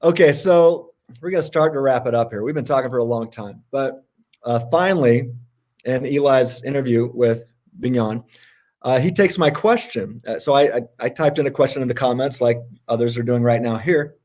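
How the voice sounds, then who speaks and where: A man co-hosting a casual livestream debate, talking in an animated, sarcastic way. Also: moderate pace. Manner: animated and sarcastic, jumps in pitch for emphasis. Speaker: co-host.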